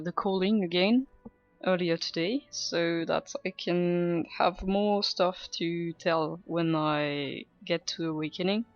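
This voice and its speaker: Slow, hesitant woman streamer. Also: lowish voice, dry recording, dull audio. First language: French. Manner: hesitant, chatty, self-mocking, with frequent laughs. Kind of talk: casual gameplay chat.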